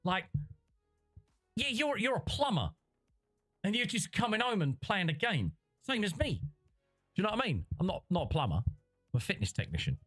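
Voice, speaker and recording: A man's voice: high-pitched, huge pitch swings, normal speed, pauses often, a bit bright, slightly rough, faint music behind. A man rambling through livestream commentary, reading chat and restarting his sentences often. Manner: rambling, conversational, frequent restarts.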